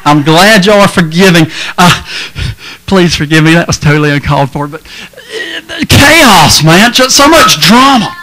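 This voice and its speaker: A man's voice: fairly high pitch, expressive, measured pace, pushed and bright, poor audio. Folksy man preaching to a crowd. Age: middle-aged. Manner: folksy, joking, crowd-engaging. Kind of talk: lively sermon to a youth crowd. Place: large hall with a crowd.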